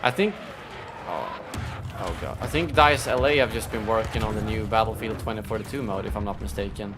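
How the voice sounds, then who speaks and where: Music plays behind a lowish male voice talking briskly as he streams a shooter game live. He keeps up casual commentary, thinking aloud, grumbling at his mistakes and thanking donors, and the background noise comes through clearly.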